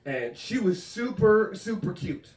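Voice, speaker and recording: A man's voice: high voice, sing-song, unhurried, darkish tone, far from the mic. A man doing a stand-up comedy set, working the crowd with punchy, profane storytelling. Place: comedy club stage. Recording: roomy live club sound from off-mic.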